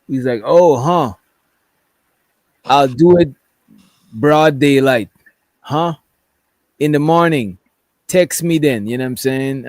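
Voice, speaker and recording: The voice belongs to a commentary streamer, medium in pitch with a darkish tone, captured dry. He rambles casually through text messages on his livestream, frequently checking in with "right?".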